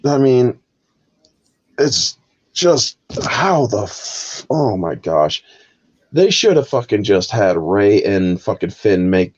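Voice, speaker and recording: A man's voice: deep voice, a little mellow. Ranting, swearing man on a dull lo-fi mic. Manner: profane, exasperated ranting. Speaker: host. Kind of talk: heated live review chat.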